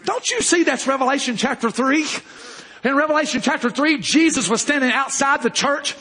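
A male preacher delivering a fervent sermon, rising to shouts and dropping low again. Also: animated, normal speed.

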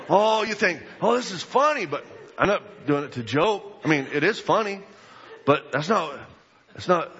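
A high-voiced male preacher with a husky, forceful tone, telling a story with animated energy and bursts of shouting. His voice rings out through a large hall on a dull, lo-fi recording. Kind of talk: sermon storytelling. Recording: echoey hall, dull lo-fi sound.

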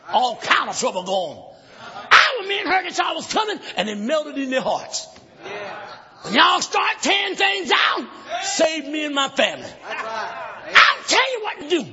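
Preacher man shouting his sermon, voice way up high, church echo and crowd answering. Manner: shouting, chanting preaching with acted Bible voices. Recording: live church hall, dull lo-fi sound, congregation heard. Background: congregation responding.

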